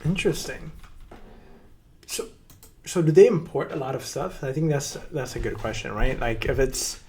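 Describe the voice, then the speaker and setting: A man's voice: mid-range voice, expressive, normal speed, a little mellow, faint music behind. A young man casually reacting to a video on a live stream, rambling with playful asides.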